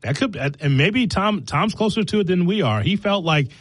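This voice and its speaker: A man's voice: high voice, lively intonation, moderate pace, fairly bright tone, dry recording. A man hosting a sports talk show in a casual, playful, teasing way, laughing often. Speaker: sports radio host.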